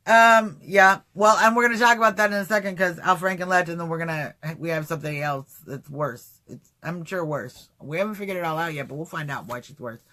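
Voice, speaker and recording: A man hosting a casual livestream talk show, rambling and animated, answering chat comments as he goes. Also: fairly high pitch, fairly quick, hardly any pauses. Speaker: livestream host.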